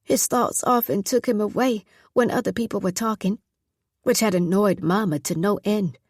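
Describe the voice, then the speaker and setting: Woman reading an audiobook, steady and measured, mid pitch, very dry mic. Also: husky, no room sound. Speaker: audiobook narrator. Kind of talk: scripted narration.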